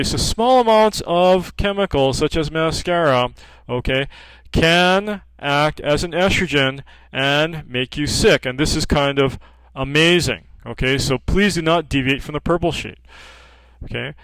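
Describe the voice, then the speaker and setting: A hormone practitioner selling progesterone cream speaks informally to customers in a somewhat high, slightly bright voice. He tells anecdotes about patients, acts out their calls in dialogue, and keeps saying "okay." The audio is poor, though free of echo.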